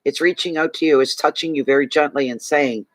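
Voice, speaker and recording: A man's voice: fairly high pitch, fairly even intonation, brisk, dry recording, poor audio. A man giving a tarot card reading to a client, speaking emphatically and repeating key phrases to reassure her. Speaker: tarot reader.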